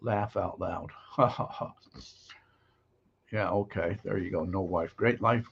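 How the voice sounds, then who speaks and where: A man's voice: deep voice, measured pace, vocal fry, slightly rough. Male live-stream host, casual and jokey; muffled, lo-fi sound. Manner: rambling, joking.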